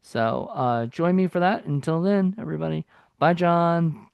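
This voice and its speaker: Gravelly man rambling about movies. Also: fairly high pitch, lively intonation, moderate pace, no room sound, dull audio. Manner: rambling, loose, with many fillers and restarts. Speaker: film review podcast co-host. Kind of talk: casual film review chat.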